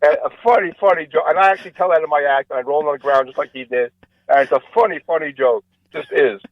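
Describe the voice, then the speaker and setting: A male comedian on a radio interview, telling long jokes and acting out the characters with lively changes of voice. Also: quick pace. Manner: animated joke-telling, acts out characters with rising pitch. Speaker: comedian guest. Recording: dull lo-fi radio sound, dry.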